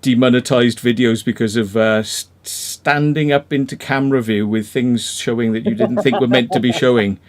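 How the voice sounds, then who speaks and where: A man's voice: mid-range voice, steady tone, moderate pace, few pauses. A man with a Welsh accent chatting casually as a live-stream host, rambling with lots of fillers and restarts. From Wales.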